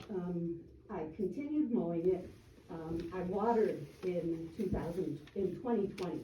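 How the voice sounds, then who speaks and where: A woman giving a plain, halting account with frequent ums, speaking as a resident at a community meeting. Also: on the low side, dark tone. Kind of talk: public comment at a meeting. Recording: echoey room, distant mic, faint noise.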